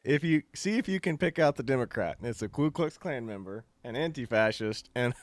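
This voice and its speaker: A man co-hosting a casual political talk show, with a voice of average pitch. He is agreeable and often chimes in to back up his partner. The recording is dry and close. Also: expressive, dry recording. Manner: agreeable, chiming in with quick assent. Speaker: co-host.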